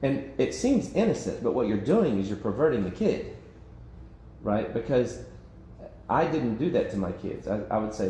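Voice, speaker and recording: Pastor, male, low voice, chatty Bible-study teaching, echoey room. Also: very animated, moderate pace, mellow, slight background noise. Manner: conversational, self-interrupting, laughs often. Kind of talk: informal Bible study discussion. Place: church meeting room.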